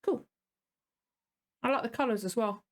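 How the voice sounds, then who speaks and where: A woman's voice: on the high side, normal speed, soft background music. A tired woman hosting a reaction video, rambling casually and apologizing often. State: tired and yawning.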